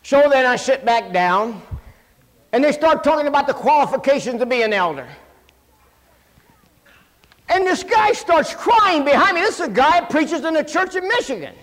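A man preaching a sermon and telling animated, self-mocking personal stories. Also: very high-pitched, moderate pace. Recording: long hall reverb.

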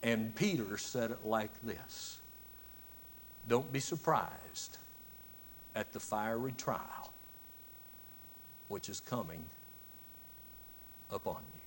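A man preaching a sermon, with long dramatic pauses, sometimes dropping to a hushed near-whisper on key words. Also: lowish voice, animated, slight background noise.

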